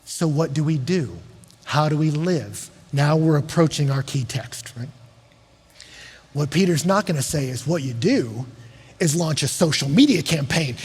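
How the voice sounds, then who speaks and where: A middle-aged male pastor preaching with a high, slightly husky voice. He is animated, dropping to quiet asides and then rising to shouts. The sound carries a long reverb from a large church hall. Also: unhurried. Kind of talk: sermon.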